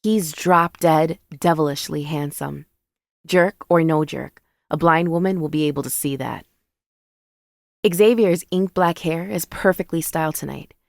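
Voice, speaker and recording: A woman narrating a first-person romance novel as an audiobook, in a measured, wry storytelling manner. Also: low voice, vocal fry, no echo, studio quality.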